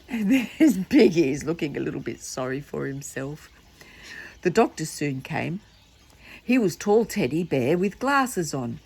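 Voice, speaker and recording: A woman's voice: deep voice, big pitch swings, a little slow, gravelly, a little mellow, breathy edge. An older woman reading a children's book aloud, chatty and playful with asides to the listener. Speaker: storyteller.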